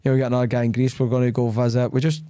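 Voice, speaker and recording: A man's voice: mid-range voice, racing, smooth, no room sound, studio quality. A man hosting a podcast in casual chat, telling stories bluntly and acting out the dialogue. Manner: animated storytelling, acting out quoted dialogue; blunt, plain-spoken. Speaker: podcast host.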